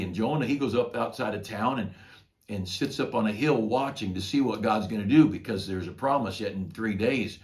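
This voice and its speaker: Older male pastor, folksy and low-voiced. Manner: folksy, conversational storytelling. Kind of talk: devotional talk retelling a Bible story.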